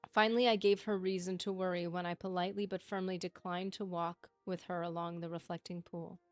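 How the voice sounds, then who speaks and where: A woman streamer reading a game book aloud on a livestream, steady narration broken by chatty asides. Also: fairly low pitch, brisk, no room sound, faint music behind.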